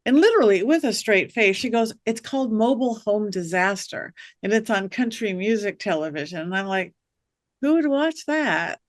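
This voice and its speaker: A woman spinning animated anecdotes in a podcast interview, jumping into the voices of the people in her stories. Her pitch sits mid-range, and the recording is close and dry with no room sound. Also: fairly quick, few pauses, dry recording. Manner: animated storyteller acting out quoted voices. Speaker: guest, witch and psychic medium. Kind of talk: storytelling interview chat.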